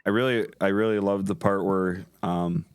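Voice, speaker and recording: A young man with a very deep, smooth voice chats hesitantly, repeating himself and giggling. The sound is dry and close. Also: fairly even intonation, normal speed, no echo. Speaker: podcast co-host. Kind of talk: casual chat.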